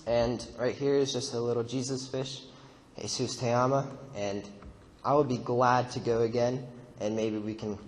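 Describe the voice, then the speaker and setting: A man's voice: mid-range voice, steady tone, normal speed, long reverb tail, a little hiss or hum. A young man casually recounting a mission trip while narrating a slideshow, rambling with fillers and laughs. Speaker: mission trip member giving testimony.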